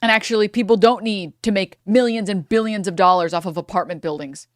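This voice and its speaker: A woman's voice: medium pitch, fairly quick, dry recording, studio quality. A young woman streamer ranting angrily in a profane reaction commentary, breaking into laughter between outbursts.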